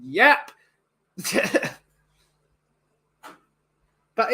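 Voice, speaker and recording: A man's voice: sits high, lively intonation, a little slow, bright, forceful tone. A young man chatting casually and opinionatedly to viewers, rambling with many restarts. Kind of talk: casual chat.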